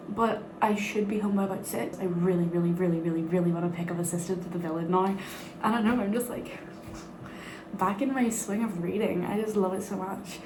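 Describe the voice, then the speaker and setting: Young Northern Irish woman, chatty book vlogger, swears freely; echoey room, background noise. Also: mid-range voice. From Northern Ireland. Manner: chatty and giggly, swears freely, talks in bursts. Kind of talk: casual chat to camera. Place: bathroom at night.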